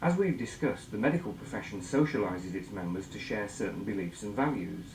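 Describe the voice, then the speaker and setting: A man's voice: fairly low pitch, animated, slight background noise. Man explaining in an echoey room. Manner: measured, explanatory, asks guiding questions. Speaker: instructor. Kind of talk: scripted educational presentation.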